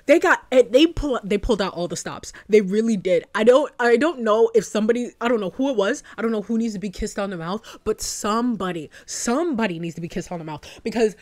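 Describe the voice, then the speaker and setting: A woman's voice: medium pitch, fast, hardly any pauses. A young woman YouTuber giving casual fan commentary, gushing and rambling, often breaking into laughs.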